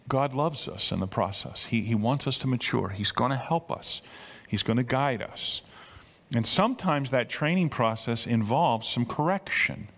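A man's voice: mid-range voice, fairly bright tone. Older man preaching in a reverberant hall. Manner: conversational, repeats words, rises to emphatic peaks. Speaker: pastor. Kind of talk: sermon.

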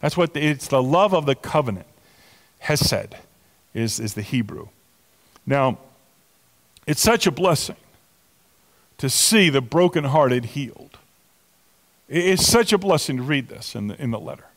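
A man in his sixties, a pastor preaching a sermon, animated and chatty, telling stories with many restarts and asides. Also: mid-range voice, measured pace, long pauses, long reverb tail. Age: 60s.

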